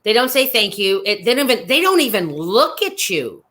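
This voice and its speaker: Woman co-host, bright voice, lively and emphatic delivery. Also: mid-range voice, moderate pace, a little hiss or hum. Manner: lively, emphatic, repeats words. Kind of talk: casual chat.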